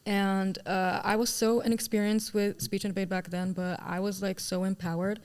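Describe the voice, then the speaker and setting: A young woman chatting as an interview guest about her stage roles, bubbly and quick to laugh as she tells her stories. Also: medium pitch, little pitch movement, a little mellow, clear, resonant tone. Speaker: guest, student actor. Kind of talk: casual interview chat.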